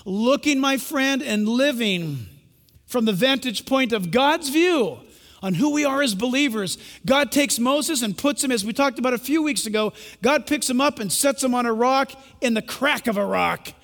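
Very high-voiced male preacher in a reverberant hall. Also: moderate pace, a bit bright. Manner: emphatic, addresses the congregation directly. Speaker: pastor. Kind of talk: sermon.

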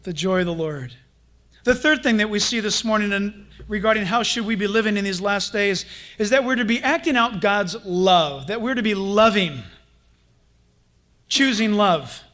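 A male pastor with a high voice delivers his sermon at a moderate pace. He's animated and chatty, playacting little exchanges with his congregation for fun.

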